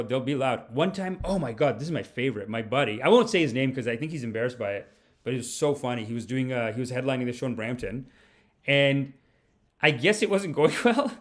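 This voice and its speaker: A man, a comedian hosting a podcast, telling rambling, animated stories. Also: medium pitch. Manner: animated, rambling, laughs mid-story. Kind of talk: casual storytelling.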